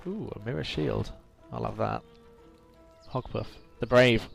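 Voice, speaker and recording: Gravelly man with self-mocking asides. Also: medium pitch, measured pace, faint music behind. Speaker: let's play host. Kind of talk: game commentary.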